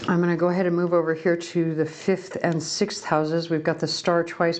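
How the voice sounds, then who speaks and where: A woman's voice: sits low, a little mellow, slight background noise. A woman giving a casual pick-a-card tarot reading at home, talking in a chatty, rambling way and often correcting herself. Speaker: tarot reader. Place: home room by a window.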